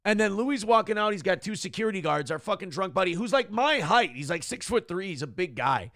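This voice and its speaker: A man's voice: sits high, fairly quick, no echo, studio quality. A man in his forties hosting a morning talk show, telling profane, rambling stories in a casual chat style. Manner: profane, animated storytelling.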